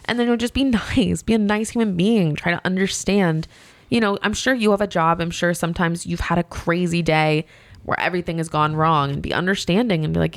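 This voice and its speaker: A young woman with a somewhat low voice swaps work stories on a podcast, venting in a lively way and playing out both sides of each exchange. The sound is close and dry, with no room around it. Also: quick pace, no echo. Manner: animated venting storyteller who acts out exchanges. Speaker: hotel front desk manager, podcast co-host. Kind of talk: casual podcast chat.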